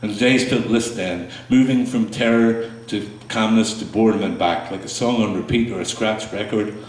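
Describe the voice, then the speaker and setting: A man performing his spoken word poetry to a small audience, slow and halting between pieces, with fillers and restarts. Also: on the low side. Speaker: poet performing his work. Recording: echoey room, mic far off.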